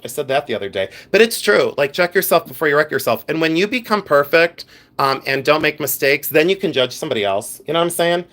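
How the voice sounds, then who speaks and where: Pennsylvania dutch guy on a livestream, kinda high voice, rambling and reading comments out loud. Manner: chatty, reads viewer comments aloud, rambling asides. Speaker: livestream host. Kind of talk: casual livestream chat.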